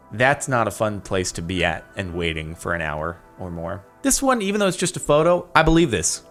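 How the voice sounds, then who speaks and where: A young man giving casual commentary as he reacts to posts, exasperated and breaking into loud rants. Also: mid-range voice. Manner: exasperated, ranting, rising to loud outbursts.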